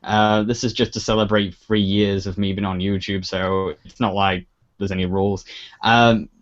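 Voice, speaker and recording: A man hosting his own livestream, answering viewer questions in relaxed, chatty talk with giggly asides. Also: lowish voice, moderate pace. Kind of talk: casual livestream chat. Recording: dull lo-fi stream audio.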